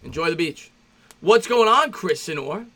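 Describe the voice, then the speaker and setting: A man with a high, bright, ringing voice calls a game pitch by pitch like an amateur broadcaster. He rambles between plays, greets his viewers and gets worked up, his voice leaping up when excited. His asides run on loosely. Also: moderate pace. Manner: excitable, voice jumps up when reminiscing. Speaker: fan play-by-play host. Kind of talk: amateur play-by-play commentary with reaction.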